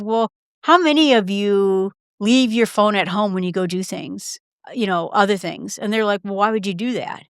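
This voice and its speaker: A woman's voice: mid-range voice, a bit bright, clear, resonant tone, no echo, studio quality. A woman hosting her own podcast, talking casually with fillers and restarts and acting out little conversations. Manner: chatty, quick asides with fillers and restarts; acts out short quoted exchanges in her own voice. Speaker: podcast host. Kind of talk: casual solo podcast talk.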